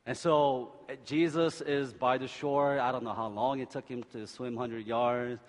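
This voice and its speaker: A male pastor preaching a sermon, joking and animated, swinging from loud exhortation to quiet scripture reading. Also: medium pitch, measured pace. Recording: long hall reverb.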